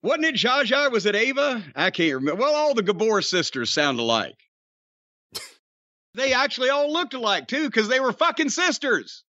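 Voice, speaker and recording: A man hosting a podcast in casual, profane, rambling chat, his voice getting hoarse. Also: very high voice, moderate pace, no room sound, highs cut off. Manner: rambling, animated storyteller, profane. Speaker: podcast host.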